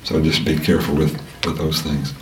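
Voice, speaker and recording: A man teaching a casual Sunday school lesson, talking in a halting way with many restarts and fillers. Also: a bass voice, monotone, darkish tone, a little hiss or hum. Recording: roomy sound from a distant mic.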